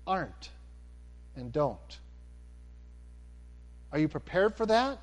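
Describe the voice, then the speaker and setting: A man preaching a sermon, animated, swinging from near-shouts down to a calm, low delivery.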